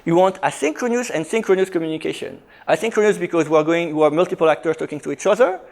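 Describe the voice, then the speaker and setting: A man speaking at a conference, a little higher-pitched than most men. He explains technical ideas emphatically and often restarts his sentences as he pushes his point. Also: creaky. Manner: emphatic, quick, frequent restarts. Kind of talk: technical talk.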